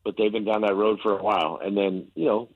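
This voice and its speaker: A man appearing as a sports reporter guest on a radio show, talking in a relaxed, rambling way and laughing easily, sounding tired. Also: lowish voice, quick pace, no room sound, narrow, tinny audio. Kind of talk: casual radio interview.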